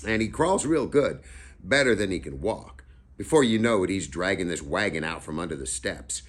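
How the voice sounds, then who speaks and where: A man's voice: low-pitched, a bit bright. A man reading a novel aloud in the first person, in a casual, conversational storytelling way. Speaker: audiobook reader.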